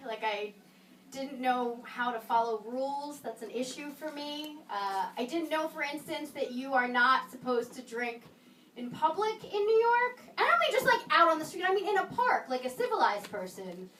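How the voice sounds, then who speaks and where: A woman performing a stand-up comedy set, with wry, sarcastic asides and pauses before punchlines. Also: sits high, animated, a bit bright, a little hiss or hum. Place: small comedy venue in a video store, live audience. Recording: roomy live room, mic a bit distant, audience laughter.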